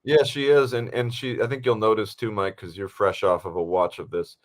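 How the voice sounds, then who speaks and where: A man with a fairly low voice talks through a movie in relaxed, rambling podcast chat. He circles his points with lots of fillers and restarts, easygoing and unhurried. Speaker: podcast co-host and actor. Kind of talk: casual film podcast chat.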